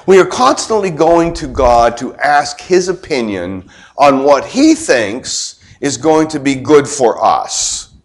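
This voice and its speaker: A man's voice: mid-range voice, animated, slow pace. A middle-aged man preaching a sermon in a conversational way, firing rhetorical questions at the congregation and tossing in joking asides. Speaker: pastor.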